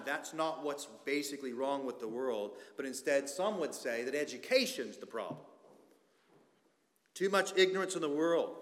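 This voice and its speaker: A man's voice: medium pitch, a bit bright. A man preaching a sermon as pastor, emphatic and fond of rhetorical questions, recorded in a church sanctuary. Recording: echoey church hall reverb.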